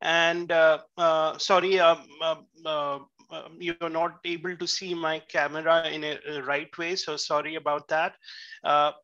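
A man's voice: on the high side, little pitch movement, measured pace, pushed and bright, clean tone. A man joining a webinar as a guest over a video call, speaking hesitantly with apologies and fillers. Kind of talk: casual remarks on a video call. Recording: dull lo-fi video call audio.

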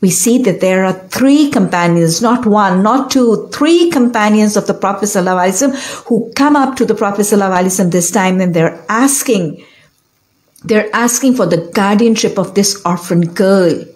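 A woman's voice: medium pitch, fairly quick, a little mellow. A woman teaching a religious lecture, telling stories in an emotive way with repeated phrases and rising emphasis. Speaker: Islamic teacher.

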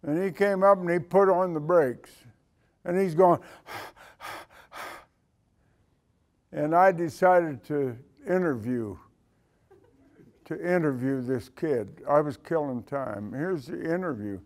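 An older man gives a speech as a retired military leader, telling a story in a lively way and acting out the dialogue. His voice sits fairly high for a man. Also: takes it slowly, pauses often. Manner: animated storyteller who acts out dialogue. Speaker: retired senior enlisted leader giving a talk.

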